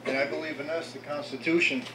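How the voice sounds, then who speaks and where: A man's voice: on the high side, flat delivery, quick pace. A man running for local office, giving an unprepared, earnest speech to a meeting and often stumbling over repeated words. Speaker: local political candidate. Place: restaurant meeting room. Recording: echoey room with background noise.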